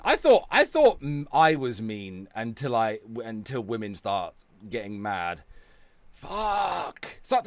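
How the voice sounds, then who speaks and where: A middle-aged Welsh man hosting a livestream and reacting to clips, profane and swinging between loud outbursts and low mutters. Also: dry recording. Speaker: livestream host.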